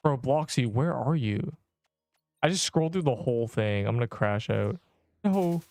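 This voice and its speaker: A man's voice: mid-range voice, animated, moderate pace, creaky, a little mellow, no echo, soft background music. A young man chatting on a game livestream, rambling in slang and joking with mock outrage at his chat. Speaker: game streamer.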